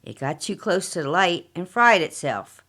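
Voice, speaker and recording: A woman reading her own mystery story aloud as author and podcast narrator, unhurried and plain. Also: on the low side, very animated, fairly bright tone.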